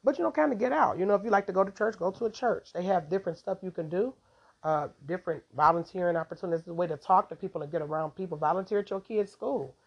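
A woman's voice: on the low side, fast talker, vocal fry, slightly rough. A woman hosting a podcast, giving a casual, rambling devotional talk and laughing often, on a dull lo-fi recording.

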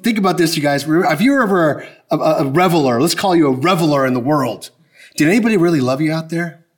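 Man, high voice, pastor, emphatic, conversational sermon, asks the crowd questions. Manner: conversational, emphatic preaching with direct questions to the congregation.

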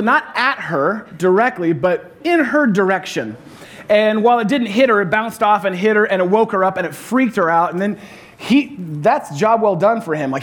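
Guy preaching, kinda high voice, chatty and funny, tells stories to make his point. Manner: humorous storytelling, conversational. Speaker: pastor. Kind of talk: sermon.

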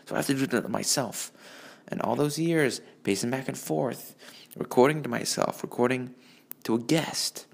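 A man's voice: medium pitch, moderate pace, vocal fry. A man recording a rambling solo rant on a phone, profane and breaking off mid-thought. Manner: profane, rambling, self-interrupting. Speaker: vlogger.

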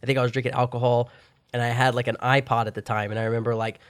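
A young man tells a rambling story in casual chat, cursing constantly and yelling out his own past lines. His voice sits at an ordinary middle pitch. The room sounds dry and close. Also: level tone, very fast, no echo. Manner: profane, rambling storytelling with loud acted-out shouts. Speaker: guest telling a story.

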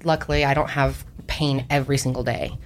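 A woman's voice: a bass voice, little pitch movement, fairly quick, slight background noise. A woman co-hosting a podcast, chatting casually and saying "like" a lot. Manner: casual, heavy use of "like". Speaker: podcast co-host.

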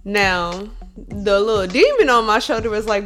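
A woman who works as a bartender, telling a story in a blunt, profane, animated way, swinging between loud venting and calm reflection. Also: mid-range voice, normal speed, faint music behind. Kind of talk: casual storytelling monologue.

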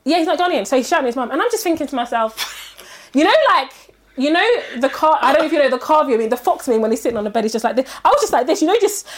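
A woman, animatedly telling a story in casual chat and acting out the people in it. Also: very fast. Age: 30s. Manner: animated, acts out quotes in high voices.

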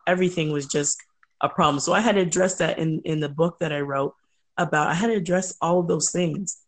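A middle-aged woman telling personal stories as an interview guest, lively, laughing often and acting out quoted voices. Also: on the low side, quick pace. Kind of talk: conversational interview storytelling.

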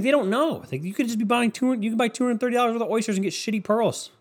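A young man hosts a casual solo podcast, rambling, swearing constantly, and leaning heavily on "like." His voice is very high and fast, with few pauses.

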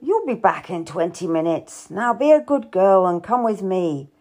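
Woman voicing a smooth, coaxing young nobleman. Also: fairly low pitch, big pitch swings, normal speed, a little mellow. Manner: coaxing, commanding. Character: charming arrogant young male nobleman.

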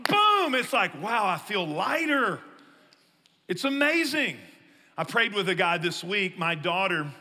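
A middle-aged man, a pastor preaching a sermon, telling stories with jokes and swinging from loud to hushed. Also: high-pitched. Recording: long echo of a large hall.

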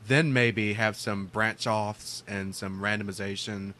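A man co-hosting a casual gaming podcast, teasing the others and thinking out loud with restarts. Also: fairly low pitch, steady tone, unhurried, a little hiss or hum. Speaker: podcast co-host. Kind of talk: casual chat.

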